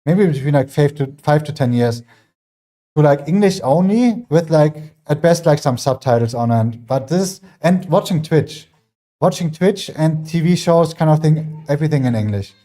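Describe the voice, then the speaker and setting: A German-accented man livestreams his workout from a home gym, chatting casually and rambling with lots of fillers. His voice sits a little high, sounds animated and warm, and moves at a normal speed.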